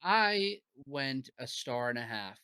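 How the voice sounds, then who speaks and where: Animated bright-voiced man on a podcast. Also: mid-range voice, slow, clean tone, dry recording. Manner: animated, swearing freely. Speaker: podcast co-host. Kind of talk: casual chat.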